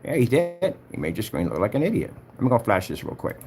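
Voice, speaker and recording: A man's voice: medium pitch, very animated, fast. A man who makes projector screens, giving heated vlog commentary and taunting a rival with repeated jabs. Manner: taunting, repeats himself, talks straight at a rival. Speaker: projector screen maker vlogger.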